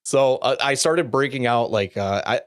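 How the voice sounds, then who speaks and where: Halting man hosting, dry sound. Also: medium pitch, clear, resonant tone, dry recording. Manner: hesitant, halting with restarts. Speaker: host. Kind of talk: casual chat.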